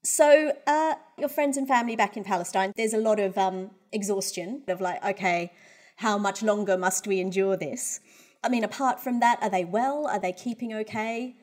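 A woman's voice: medium pitch, moderate pace, darkish tone. A woman hosting a podcast, asking friendly follow-up questions. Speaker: podcast host. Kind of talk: interviewing.

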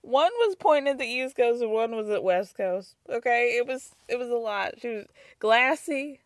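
A woman with a cold hosts a casual recap, her voice sitting a little high. She gossips, laughs often and acts out quotes. The sound is close and dry. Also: lively intonation, normal speed, no echo. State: has a cold. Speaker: podcast host.

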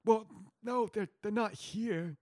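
Casual improv co-host, man, light high voice, dry close mic, chatty and rambling. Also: slow, no room sound. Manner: rambling, playful, plans out loud. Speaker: podcast co-host running the scene. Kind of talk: improvised tabletop role-play.

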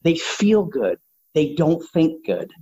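Blunt, combative man with a husky voice. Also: fairly high pitch, big pitch swings, slow pace, dark tone. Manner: blunt, combative, swears freely. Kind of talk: opinionated casual talk. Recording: dull lo-fi sound.

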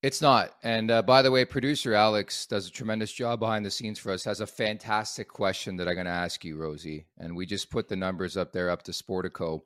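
A man's voice: lowish voice, fairly even intonation, brisk, few pauses, a bit bright, dry recording, studio quality. A man hosting a sports podcast, upbeat and joking as he steers the talk. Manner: upbeat, joking, leads the segments. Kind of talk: casual sports chat.

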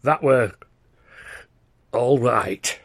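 A man voicing a drunk, bitter male comic with a Northern English accent, loud and scornful. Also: mid-range voice, drawn-out words, no room sound, exaggerated voice. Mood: grudging.

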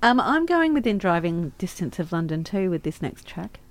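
A woman's voice: fairly low pitch, sing-song, normal speed. A woman co-hosting a radio show, bantering casually and laughing often. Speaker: radio co-host. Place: radio studio.

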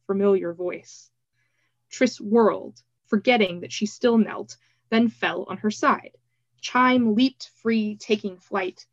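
A woman podcast host reading a novel excerpt aloud in a steady, even voice. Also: medium pitch, dry recording. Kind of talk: book reading. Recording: slightly dull, dry recording.

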